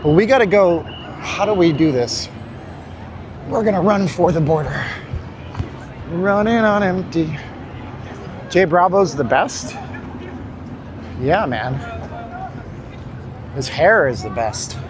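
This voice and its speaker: A tired, somewhat winded man walks and talks through a casual livestream, rambling and joking with his viewers. His voice sits a bit high. It is picked up by a handheld phone with loud street noise around him. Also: expressive, slow pace, pauses often, a crowd in the background. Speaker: livestream host. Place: city street outdoors. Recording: phone mic on a noisy street.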